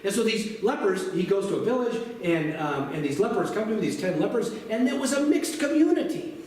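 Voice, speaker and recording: A man preaching a sermon to his congregation in a lively, conversational way, asking them questions as he goes. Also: high voice, brisk, recorded from a distance. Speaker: pastor. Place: church sanctuary. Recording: very echoey church recorded from afar.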